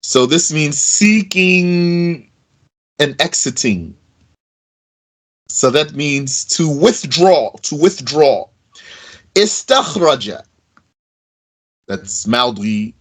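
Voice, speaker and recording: A man gives a relaxed grammar lesson at an unhurried pace, with a voice that sits a little high for a man. He says each verb form slowly and repeats it, and drops in casual fillers as he goes. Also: poor audio. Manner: explains slowly, repeating Arabic verb forms aloud; casual fillers such as "like" and "you know". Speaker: Arabic grammar teacher. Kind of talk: recorded lesson.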